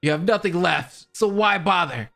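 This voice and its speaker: A man's voice: sits high, lively intonation, gravelly, bright, forceful tone, faint music behind, heavily acted. A man voicing a cold, scheming male villain in a fan voice drama, taunting and contemptuous. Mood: frustrated. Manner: taunting, contemptuous, slow and menacing.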